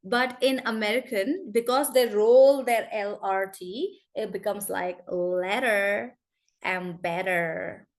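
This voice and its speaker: A chatty woman leads an online accent lesson. Her voice sits a little high, and she slows down to repeat example words. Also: a little mellow. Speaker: accent teacher. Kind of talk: online class.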